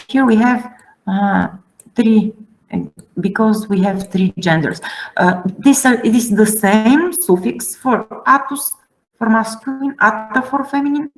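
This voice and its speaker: A woman's voice: a little high, rough recording. A woman teaching a class, walking through terms one step at a time in a methodical lecture. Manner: methodical, spelling out terms slowly.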